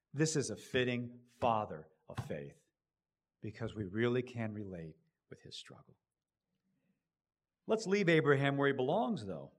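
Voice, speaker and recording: A middle-aged man preaching a sermon, building to loud emphatic rises and then dropping low and quiet.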